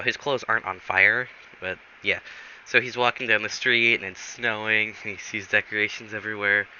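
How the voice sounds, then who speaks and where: A man's voice: fairly low pitch, bright, forceful tone. A man rambling through an improvised comic story, correcting himself often and filling gaps with "um" and "like", on a dull recording with faint hiss. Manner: rambling, self-correcting, many fillers.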